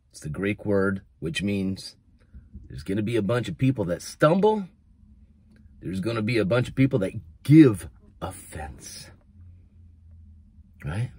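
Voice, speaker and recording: A man from the United States preaching a casual video sermon, animated and building to near-shouts on his emphatic points, mocking the voices he quotes. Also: on the low side, slightly rough.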